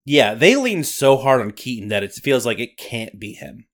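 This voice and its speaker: A man's voice: medium pitch, very animated, normal speed. Easygoing male podcast host. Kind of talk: casual film chat.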